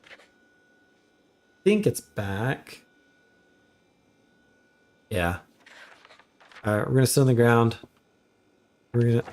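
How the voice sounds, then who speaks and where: A man giving relaxed, chatty commentary while live streaming a game. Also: mid-range voice, vocal fry. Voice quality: relaxed, chatty, laughs often.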